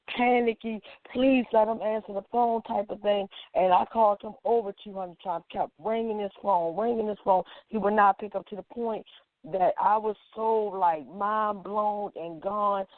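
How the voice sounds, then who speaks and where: Over a tinny phone-like line with a dry, echo-free sound, a woman with a medium-pitched voice shares an emotional personal story. She's an activist guest who performs the quoted dialogue as she talks.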